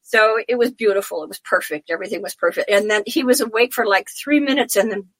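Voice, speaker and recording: A middle-aged woman recounting personal memories in an interview, her voice sitting at an ordinary pitch. She talks in a heartfelt, meandering way and often restarts her sentences. The sound is close and dry. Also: quick pace, breathy edge, dry recording. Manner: heartfelt, rambling storytelling with frequent restarts. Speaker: interview guest. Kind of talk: casual interview storytelling.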